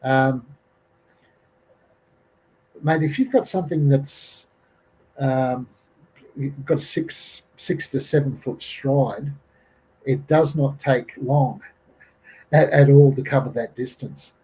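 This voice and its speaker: A man's voice: mid-range voice, fairly even intonation, slow pace, long pauses, warm tone, slightly rough, poor audio. A middle-aged Australian man telling a bush camping story in casual fashion, full of fillers and restarts. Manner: rambling, many fillers and restarts, quotes people in raised voices. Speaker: podcast guest recounting an encounter.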